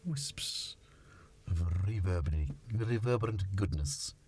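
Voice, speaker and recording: A man's voice: on the low side, big pitch swings, takes it slowly, husky. A Welsh man hosting a casual livestream from a home studio, thinking aloud in a rambling, self-mocking way. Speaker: synth livestream host. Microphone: studio dynamic mic. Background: loud synthesizer playing.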